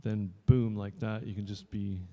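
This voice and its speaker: A man's voice: lowish voice, level tone, normal speed, dull audio. A man in his fifties, an actor, talking casually to a live audience, rambling and joking with them. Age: 50s. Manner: chatty and rambling, jokes with the audience. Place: showroom. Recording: long reverb in a showroom.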